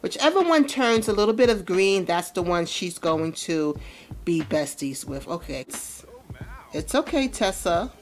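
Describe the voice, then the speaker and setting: Chatty woman with a lively voice. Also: fairly low pitch, a little slow. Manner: chatty, animated, laughs often. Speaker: let's play host. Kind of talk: casual gameplay commentary. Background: faint music.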